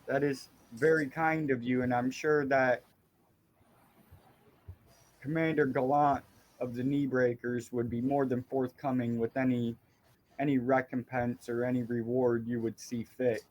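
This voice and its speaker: A courteous innkeeper woman, voiced by a man in his own easy voice, measured and unhurried. She speaks in formal, gracious phrases across a game table. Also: medium pitch, flat delivery, a little mellow, natural voice, rough recording. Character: polite female innkeeper.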